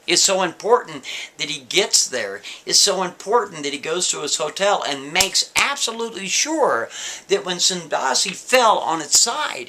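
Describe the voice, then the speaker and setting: A man's voice: fairly high pitch, pushed and bright. A man telling a story casually, talking straight to the listener and checking in with them often. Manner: conversational, asks listener "right?" and "see?".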